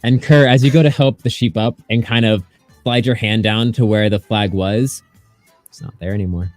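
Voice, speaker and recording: A man narrating as game master, describing scenes in a relaxed way and asking players what they do. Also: fairly low pitch, normal speed, no room sound, soft background music.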